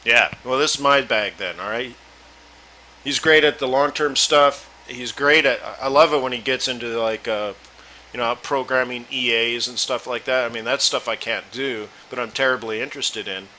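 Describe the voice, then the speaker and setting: A man's voice: medium pitch, moderate pace, pushed and bright, a little hiss or hum, low-quality recording. A man hosting a live trading webinar, chatting loosely and talking straight to his viewers. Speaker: forex trading room host.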